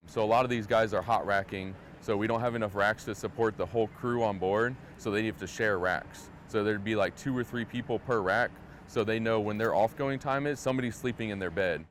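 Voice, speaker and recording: A man's voice: on the low side, a little fast, a little hiss or hum. A man, a Navy cook, talking casually aboard a submarine, with lots of "like" and restarts. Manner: casual, filler-heavy talk with frequent "like" and restarts. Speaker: Navy culinary specialist. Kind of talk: interview answers.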